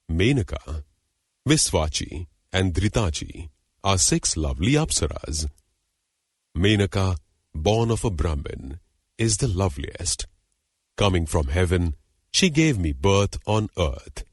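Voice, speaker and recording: A man reading the part of a proud, wronged young woman, a hermit's daughter, in an audiobook legend, with measured, formal, dignified delivery. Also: low voice, husky, no echo, studio quality, heavily acted. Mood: pleading.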